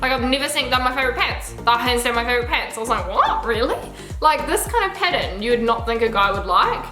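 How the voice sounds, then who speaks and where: A woman's voice: on the high side, animated, fast, pushed and bright, echoey room, soft background music. A young woman, chatting casually and gushingly through a clothing try-on haul, swearing now and then. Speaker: fashion vlogger.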